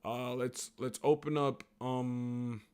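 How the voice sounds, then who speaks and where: A man on a casual livestream, reading text aloud haltingly and breaking off into slangy, profane asides. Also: mid-range voice, little pitch movement, darkish tone, smooth. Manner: reads text aloud haltingly, then riffs on it.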